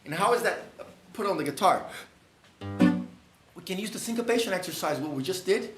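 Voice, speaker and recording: A man's voice: high-pitched, lively intonation, brisk. Brazilian-accented man teaching guitar, roomy sound. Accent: Brazilian Portuguese. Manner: sings rhythm syllables to demonstrate. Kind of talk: live online masterclass.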